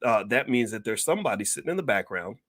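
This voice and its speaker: A middle-aged man holds forth to his online audience from his home, with the cadence of a preacher who hammers and repeats his points. He clears his throat now and then. The sound is close and dry, with no room around it. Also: mid-range voice, big pitch swings, fast, a bit bright, dry recording. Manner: preacher-like, emphatic, repeats key phrases for effect. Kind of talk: impassioned livestream commentary.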